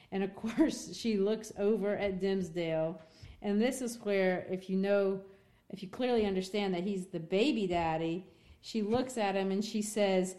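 A woman's voice: mid-range voice, normal speed, mellow. A woman teacher retelling a novel to a class in a casual, chatty way with many fillers. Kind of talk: classroom literature lesson.

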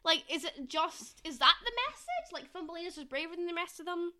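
A woman's voice: extremely high pitch, expressive, brisk, sharp tone. A young woman co-hosting a podcast, chatting casually with wry, sarcastic quips. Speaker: podcast co-host. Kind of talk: casual chat.

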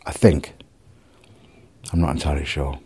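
A man's voice: extremely low pitch, level tone, normal speed, dark tone, slightly rough. A middle-aged man, rambling in a casual solo video diary, self-mocking and sweary. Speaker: vlogger.

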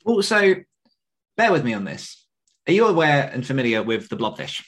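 A man co-hosting a podcast in relaxed conversation. His voice sits at an ordinary mid pitch, and he teases dryly before launching into long explanations. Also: moderate pace. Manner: dry, teasing, explains at length. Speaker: podcast co-host. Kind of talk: casual chat.

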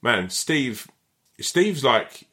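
A man's voice: medium pitch, sing-song, very slow, sharp tone. A man, an actor talking casually in an interview, rambling with lots of fillers and frequent swearing. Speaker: actor and guest.

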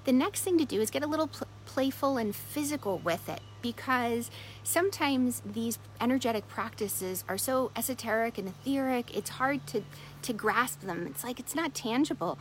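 A middle-aged woman coach telling a parable, expressive with soft hushed moments. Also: a little high, normal speed, a little hiss or hum, low-quality recording. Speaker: wellness coach. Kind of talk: storytelling talk.

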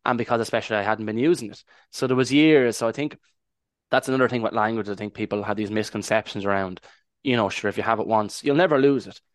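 A man with an Irish accent rambles thoughtfully through his story as a podcast guest. His voice sits fairly low and sounds close and dry, with no room behind it. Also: quick pace, no room sound. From Ireland. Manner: reflective, rambling with restarts. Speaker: podcast guest, language advocate. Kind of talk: casual interview storytelling.

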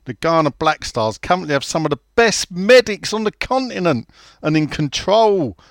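A man's voice: a little high, very animated, normal speed, no room sound, clean studio sound. A man co-hosting a casual football podcast, chatty and teasing. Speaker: podcast co-host.

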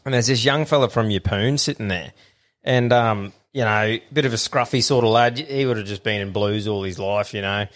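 A man's voice: fairly low pitch, normal speed. A male podcast host with an Australian accent, telling stories in a blokey, sweary, casual chat.

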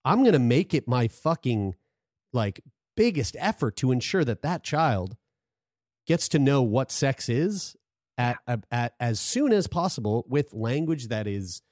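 A man's voice: mid-range voice, sing-song, measured pace, darkish tone, no echo, studio quality. A man co-hosting a podcast, talking in a loose, rambling way with lots of restarts and swearing. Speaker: podcast co-host. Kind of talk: casual chat.

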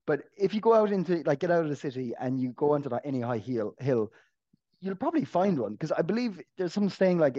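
A man's voice: on the high side, mellow, muffled recording. A man co-hosting a casual podcast, joking and laughing often as he talks, with frequent restarts. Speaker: podcast co-host.

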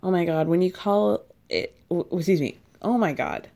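A woman's voice: on the low side, animated, normal speed, creaky, mellow. A woman in casual commentary, reading out messages with sarcastic asides and exaggerated disbelief. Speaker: commentary vlogger.

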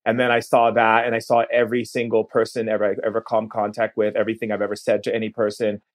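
A man, a podcast guest, telling a long personal story in an earnest way, slowing down at key moments and restarting phrases. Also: fairly low pitch, completely flat delivery.

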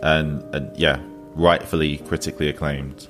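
A man's voice: very deep voice, level tone, moderate pace, over music. A man co-hosting a podcast, chatting and teasing his co-hosts. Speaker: podcast co-host. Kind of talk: casual chat.

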